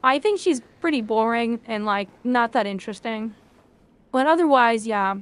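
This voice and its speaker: A woman's voice: on the high side, animated, normal speed, clear, resonant tone, no echo. A woman streaming a video game, chatting casually with her chat, rambling and swearing freely.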